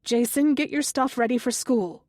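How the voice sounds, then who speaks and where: A woman's voice: sits high, normal speed, a little mellow, no room sound, clean studio sound, pitched above the performer's own voice, natural voice. A woman playing an exasperated, scolding mother. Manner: scolding, raised and clipped. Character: harried mother, exasperated and sharp.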